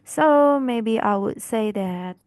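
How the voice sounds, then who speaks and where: Woman learner talking really slow, stops to find words, dry close mic. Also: a little high, lively intonation, a little mellow, no room sound. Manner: very slow, halting, searching for words. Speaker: student. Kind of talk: class practice answer.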